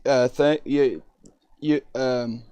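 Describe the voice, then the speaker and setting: A man on a live stream chatting with an AI, excitable and rambling, often cutting in. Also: mid-range voice, drawn-out words, clear, resonant tone, no room sound.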